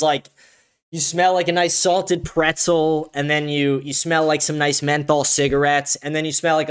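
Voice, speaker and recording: Animated, rambling male livestream host. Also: a little high, clean tone. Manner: loose, profane and rambling, laughs often. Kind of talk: casual livestream chat.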